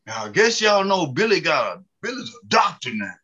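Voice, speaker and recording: A man's voice: a little high, very animated, normal speed, sharp tone, breathy edge, muffled recording, pitched above the performer's own voice, full character voice. A man voicing a proud country preacher addressing his congregation. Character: proud middle-aged male country preacher.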